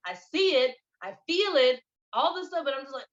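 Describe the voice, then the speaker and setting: A woman hosting a podcast, telling stories in a casual spiritual chat with an animated, expressive manner. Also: sits high, normal speed. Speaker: podcast host. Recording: dull lo-fi recording.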